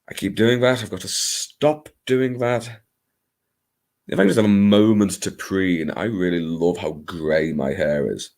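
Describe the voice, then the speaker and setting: A man hosts a late-night live stream in a loose, rambling chat, joking at his own expense. His voice sits a little low and he takes his time over every phrase. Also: unhurried. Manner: rambling, playful, self-mocking.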